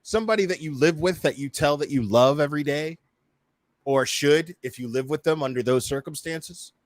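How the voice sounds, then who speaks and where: A man's voice: fairly high pitch, normal speed, no echo. A man hosting a casual reaction commentary, swearing freely, laughing and stammering through restarts. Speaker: YouTube commentary host.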